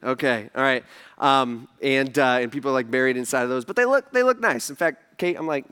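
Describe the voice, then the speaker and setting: A man preaching a sermon as pastor, casual and emphatic, with lively asides to the congregation. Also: mid-range voice, brisk, clean tone.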